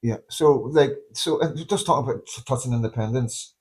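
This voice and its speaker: A man's voice: mid-range voice, brisk, a little mellow. A man hosting a casual street interview, earnest and opinionated, often repeating and restarting his words. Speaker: host interviewing people in the street.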